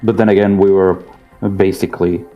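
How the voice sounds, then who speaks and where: A man's voice: deep voice, level tone, a little fast, dull audio, faint music behind. A man from Argentina, chatting hesitantly and wryly as a stream co-host. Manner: scattered, hesitant, wry. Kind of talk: casual stream chat.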